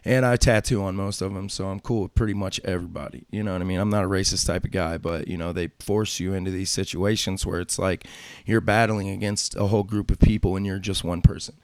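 A man's voice: deep voice, steady tone, quick pace, dry recording. A man talking as a tattoo artist guest in an interview, telling stories casually, swearing freely and acting out what other people said. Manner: profane, acts out quoted voices.

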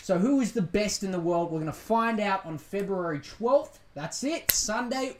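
A man's voice: high voice, animated, normal speed, few pauses, slight background noise. A man with an Australian accent hosting a casual solo podcast, ranting sarcastically and swearing as he jumps between tangents. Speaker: podcast host. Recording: roomy echo.

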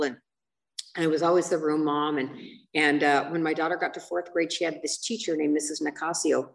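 A middle-aged woman telling her personal recovery story at a meeting, chatty and lively, tossing in "you know" and "right?" all the time. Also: deep voice, creaky. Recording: voice picked up from a distant mic.

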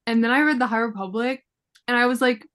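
A young woman chatting casually and dramatically with friends, gushing with quick asides. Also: fairly high pitch, fairly even intonation, background noise. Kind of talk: casual fan chat.

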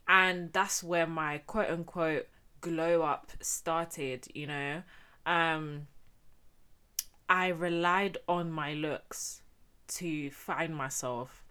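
A young woman from Spain talks straight to her viewers in a loose, slangy, chatty way. Her voice sits low but rings bright and forceful. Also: steady tone, extremely slow, pauses often, clear, resonant tone. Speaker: vlogger. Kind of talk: casual personal storytelling.

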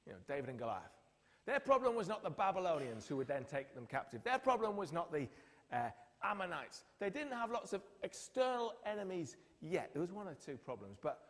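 A man preaching a sermon, telling the story with acted-out quotes. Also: high-pitched. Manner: storytelling, acts out quotes with lively voices. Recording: long hall reverb.

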